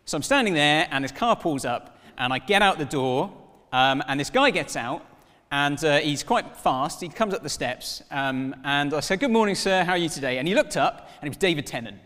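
A man in his thirties preaching a sermon, telling stories with lively acted-out dialogue. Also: a little high, moderate pace, long reverb tail. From Wales. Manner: animated storytelling, acts out dialogue in voices.

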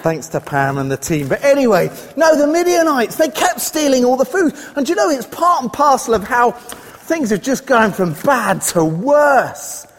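Man, very high voice, children's Bible talk, animated questions, long hall reverb. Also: normal speed. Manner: animated, asks the children questions, rhythmic repetition. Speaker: children's church leader. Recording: echoey hall, faint noise.

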